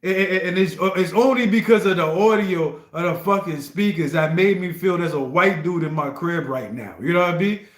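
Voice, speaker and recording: Male livestream host, high voice, slangy stammering chat, echoey room. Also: normal speed. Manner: slangy, stammering, often asks "you know what I mean". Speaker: livestream host playing song requests. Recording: roomy echo.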